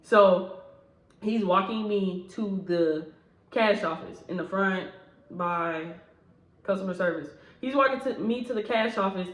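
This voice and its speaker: A woman tells a story from her job in a casual, slangy way. She acts out the other people's lines with sudden leaps in pitch and loudness. Her voice sits in the middle range, and the room around her gives it a noticeable echo. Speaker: storyteller recounting a workplace incident.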